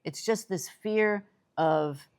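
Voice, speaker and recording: An older woman from New York City, co-hosting a casual chat and telling stories with lively, rising excitement. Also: takes it slowly, smooth. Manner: animated storyteller, voice jumps high when excited. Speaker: co-host.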